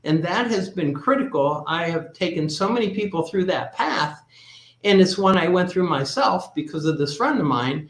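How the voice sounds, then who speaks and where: A man with a slightly raised pitch recounts an anecdote as a business advisor, acting out both sides of the conversation. His voice carries a noticeable room echo. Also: lively intonation, normal speed, fairly bright tone. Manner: anecdotal, replays dialogue in his story. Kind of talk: storytelling in a podcast conversation.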